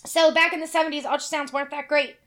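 A woman's voice: high voice, quick pace. A woman in her forties from Kentucky, telling a family story in casual chat and acting out the voices. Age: 40s. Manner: animated storyteller, acts out quoted voices, swears casually.

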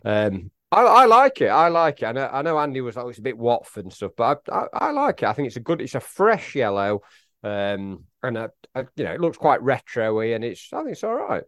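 A man co-hosting a casual football podcast, talking in halting bursts with frequent restarts and chuckles. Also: mid-range voice, wildly swooping pitch, a bit bright, dry recording, studio quality. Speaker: podcast co-host.

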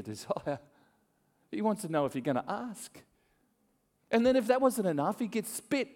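A man preaching a sermon, telling a story with acted-out voices and frequent laughs. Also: fairly high pitch. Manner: animated storytelling, acts out voices, laughs often. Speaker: pastor. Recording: long hall reverb.

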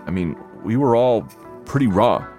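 A young man from New Jersey telling a personal story in a casual, conversational way, getting animated when he relives what he said. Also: fairly low pitch, normal speed. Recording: music underneath.

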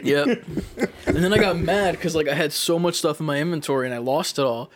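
Animated young man telling a gaming story. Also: fairly high pitch, fairly quick. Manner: animated storytelling, acts out quotes, swears a lot. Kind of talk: casual chat.

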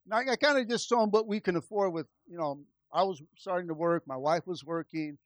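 Man, pastor, storytelling testimony, acts out dialogue, a bit high-pitched, dry sound. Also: brisk, dry recording. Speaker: pastor starting a church.

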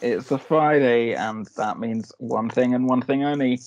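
A man hosting a podcast in casual chat, upbeat and quick to laugh. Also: medium pitch, background noise. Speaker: podcast host. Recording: dull dry podcast audio.

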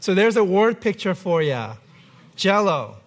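A man's voice: sits high, big pitch swings, measured pace. A man preaching a sermon as pastor, conversational with light humor.

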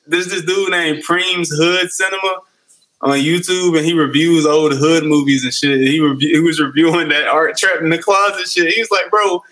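A man's voice: fairly high pitch, steady tone, moderate pace, fairly bright tone, low-quality recording. A man in a casual chat, loose and slangy, laughing as he tells stories.

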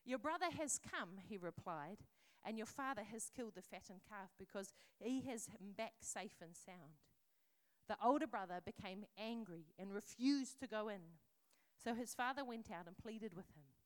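A woman's voice: medium pitch, lively intonation, normal speed. A woman preaching a sermon, earnest and conversational, reading scripture aloud in a storytelling voice.

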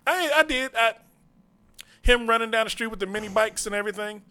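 A man co-hosting a comedy podcast in casual banter, loud and animated, slipping into movie impressions. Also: high-pitched, a little fast, clear, resonant tone. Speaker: podcast co-host. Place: podcast studio.

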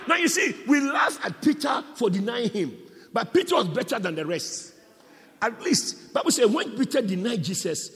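A man preaching a sermon as a pastor, impassioned, surging from hushed lines to shouts. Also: sits high, gravelly, in a large hall.

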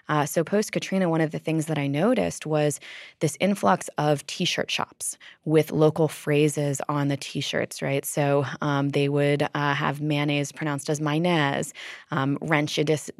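A woman's voice: deep voice, no echo, clean studio sound. A woman, a linguist, explaining her research in an interview, thoughtful and full of ums and uhs.

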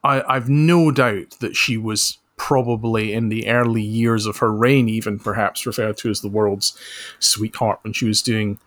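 A man speaking as a podcast guest over a remote call, chatting in a dry, deadpan, mock-serious way. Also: lowish voice, normal speed. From Scotland. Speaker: podcast guest, author and social researcher. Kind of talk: casual comedic chat.

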